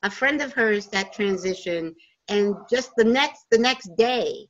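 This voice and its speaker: A woman's voice: mid-range voice, expressive, unhurried. A woman hosting a spiritual radio interview, affirming her guest often with repeated yeses. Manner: affirming, frequent "yes". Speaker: radio show host. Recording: lo-fi call audio.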